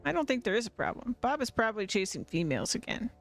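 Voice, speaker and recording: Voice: mid-range voice, big pitch swings, fast, vocal fry, a bit bright, soft background music. A streamer voicing a sardonic talking pet cat in a game, reading its lines dismissively. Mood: snarky. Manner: dismissive, snarky.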